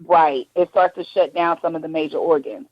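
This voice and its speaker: A woman's voice: low voice, normal speed, no room sound, lo-fi sound. A woman guest in a radio interview, telling a personal story candidly and acting out the voices of the people in it. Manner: candid, animated, acts out quoted voices.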